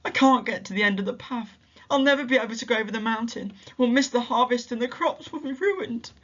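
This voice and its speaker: Man doing a high, distressed storybook mother, pleading, loud. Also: brisk, creaky, lo-fi sound, heavily acted. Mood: despairing. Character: injured farming mother, anxious and despairing.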